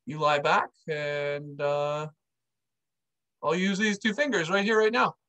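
A blunt, matter-of-fact army doctor, quoted by a man telling a story. The voice sits fairly high for a man and keeps a plain, unfussed delivery. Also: steady tone, slow, pushed and bright.

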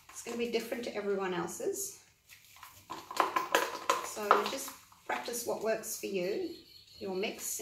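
A woman's voice: mid-range voice, recorded from a distance, background noise. A woman vlogging a paint-pouring demonstration, talking in a chatty, practical and encouraging way. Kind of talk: casual demonstration talk. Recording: roomy echo, voice from away from the mic.

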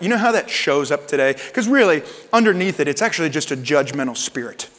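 A man preaching a sermon as pastor, in an animated, conversational way with casual slang. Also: fairly high pitch, fast talker, hardly any pauses, big-room sound.

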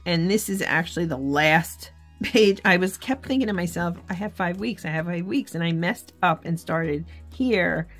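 Low-voiced earnest woman vlogger. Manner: earnest, candid, self-correcting. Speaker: faith vlogger. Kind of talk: casual devotional vlog talk.

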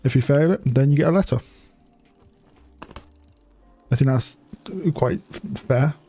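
A young man streaming a bike game chats casually, swearing freely and laughing often. His mid-range voice is warm with vocal fry, at a moderate pace, with slight background noise.

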